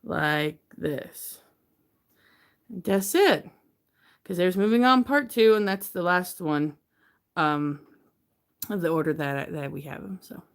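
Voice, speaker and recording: A woman's voice: fairly low pitch, takes it slowly, long pauses. A woman chatting casually on a livestream from her messy bedroom, rambling and getting hyper, talking into her phone. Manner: rambling, gets hyper and excitable. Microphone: phone camera.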